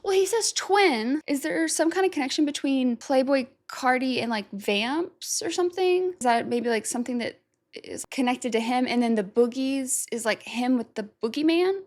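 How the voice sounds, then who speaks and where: In a casual music reaction video, a woman with a high-sitting, animated voice thinks aloud. She sounds unsure of herself, trails off into self-doubt, and reads lyrics aloud slowly.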